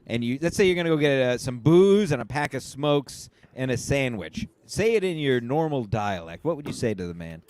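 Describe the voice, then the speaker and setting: A man's voice: mid-range voice, very animated, normal speed, few pauses, a little mellow, slight background noise. A man hosting a podcast, needling his guest with provocative, mock-outraged questions. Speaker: podcast host. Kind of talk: casual podcast banter.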